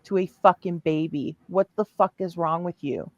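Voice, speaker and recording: A woman's voice: on the low side, normal speed, dry recording, muffled recording. A woman hosting a heated livestream callout, furious and heavily profane.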